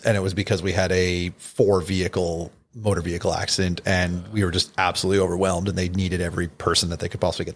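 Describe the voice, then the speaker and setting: Doctor guy on a podcast, lowish voice, laid back, lots of um and like, keeps restarting. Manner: laid-back, explains with frequent restarts and fillers. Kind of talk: casual podcast chat.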